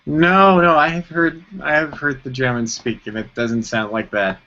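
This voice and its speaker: A man's voice: mid-range voice, fairly even intonation, normal speed, bright, forceful tone. Man, co-host on a lo-fi live stream; rambling casual chat full of fillers. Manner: rambling, lots of fillers and restarts. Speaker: co-host of a live web show. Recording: dull lo-fi stream audio.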